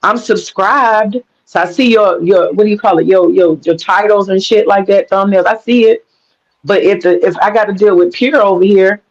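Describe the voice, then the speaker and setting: A woman's voice: mid-range voice, normal speed. A woman calling into a live stream, arguing insistently and mockingly, repeating her points with crude slang. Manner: insistent, repeats phrases for emphasis. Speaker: guest caller on a live stream panel. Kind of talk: heated live stream argument. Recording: dull lo-fi stream audio.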